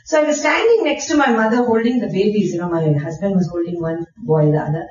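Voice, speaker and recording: Middle-aged woman, storytelling testimony with soft laughs, dull recording from a distant mic. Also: mid-range voice, quick pace, heavy reverb, slight background noise. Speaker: guest speaker. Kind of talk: personal testimony talk.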